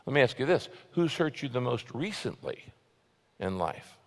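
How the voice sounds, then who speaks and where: A man preaching a sermon as a pastor, with earnest emphasis, often dropping to a soft, low voice. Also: big pitch swings, moderate pace, creaky, in a large hall.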